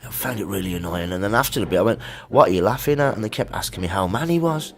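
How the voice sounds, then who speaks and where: A middle-aged man with a Birmingham accent, a musician guest chatting in a music studio. His voice sits very low. He tells long, rambling anecdotes in an easygoing way. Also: very animated, racing. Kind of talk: casual chat interview.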